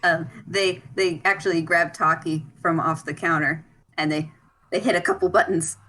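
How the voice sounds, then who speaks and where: A woman's voice: lowish voice, fairly even intonation, normal speed, sharp tone, rough recording. A woman playing in a tabletop role-play game, describing her character's actions in a casual, giggly, hesitant way with many restarts.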